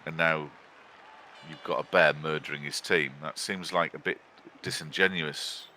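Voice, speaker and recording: A man's voice: very deep voice, fairly even intonation, moderate pace, sharp tone, some chatter behind, slight background noise. A man co-commentating a video game in a chatty, teasing way.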